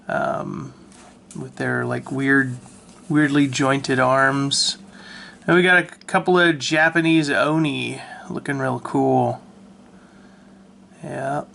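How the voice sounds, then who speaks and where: Slow, gravelly man rambling about sketches. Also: fairly high pitch. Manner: relaxed, slow, many ums and restarts, wry self-mocking. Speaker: artist reviewing his old sketchbook. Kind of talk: casual rambling commentary. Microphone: handheld camera mic.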